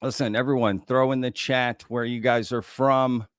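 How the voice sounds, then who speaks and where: A man's voice: medium pitch, level tone, moderate pace, dry recording, studio quality. A man hosting a live stream, chatting casually and greeting viewers in a drawling way. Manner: casual, drawling, says y'all a lot. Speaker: host.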